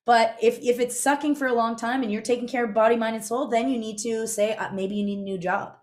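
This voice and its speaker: A woman's voice: a little high, steady tone, quick pace, darkish tone. A young adult woman teaching a live online class in a chatty, conversational way, often checking in with her listeners. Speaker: instructor. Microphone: video call.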